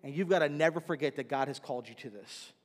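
High-voiced pastor preaching in a reverberant hall. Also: male voice, fast. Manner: animated storytelling, acting out voices. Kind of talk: sermon.

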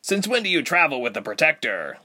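A man's voice: a little high, very animated, brisk, sharp tone, voice pushed up, heavily acted. Resentful young soldier, read by a man, slightly lifted voice, volatile. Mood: demanding. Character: bitter young male soldier with lightning powers.

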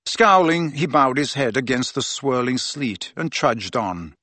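A man narrating an audiobook in an expressive reading voice. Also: medium pitch, measured pace, no echo. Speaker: audiobook reader.

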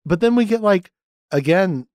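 A man hosting a casual podcast, rambling through a film's plot with lots of swearing and quick acted-out bits of scenes. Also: high-pitched, expressive, a little mellow, no room sound, clean studio sound. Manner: rambling, profane, acts out scenes. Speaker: podcast host. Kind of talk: casual film-recap chat.

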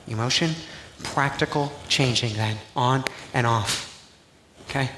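A pastor preaching a sermon in a casual, conversational way that builds to loud, emphatic passages. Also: male voice, mid-range voice, unhurried. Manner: conversational preaching, rising to near-shouting emphasis. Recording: echoey live church sound, faint noise.

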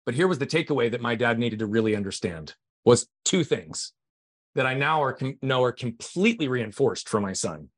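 A middle-aged man telling a family story as a podcast guest, earnest and emphatic. His voice sits at an ordinary pitch for a man. The sound is dry and close, with no room echo. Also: expressive, normal speed, slightly rough. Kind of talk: personal storytelling in conversation.

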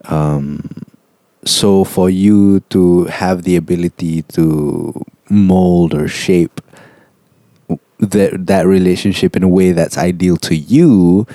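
A man, speaking in a thoughtful, measured way as a podcast co-host. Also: deep voice, fairly even intonation, warm tone, no echo. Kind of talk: casual chat.

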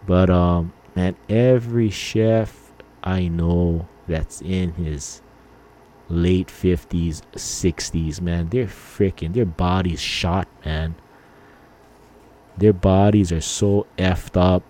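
Laid-back low-voiced man rambling. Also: fairly even intonation, slow pace, warm tone. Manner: laid-back, rambling, mild swearing, lots of "man" and "you know". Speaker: podcast host. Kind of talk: casual rambling chat.

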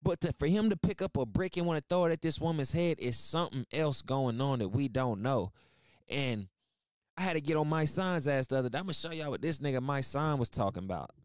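A man holds forth in casual reaction commentary, blunt and profane, piling on asides and rhetorical questions. His voice is smooth and resonant, sitting at an ordinary middle pitch. The recording is dry and close, with no room sound. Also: a little fast, dry recording. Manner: blunt, profane, animated storytelling with repeated asides. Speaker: online commentator and podcast host.

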